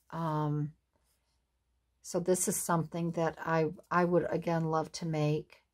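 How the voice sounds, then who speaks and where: Slow, gushing woman crafter. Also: sits low, creaky. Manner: gushing, admiring, with many fillers. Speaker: craft vlogger. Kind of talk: unboxing show-and-tell.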